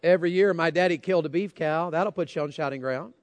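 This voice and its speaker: Folksy preacher, high voice. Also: male voice, fast, dry recording. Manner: folksy storytelling, calls out to congregation. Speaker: pastor. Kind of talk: sermon.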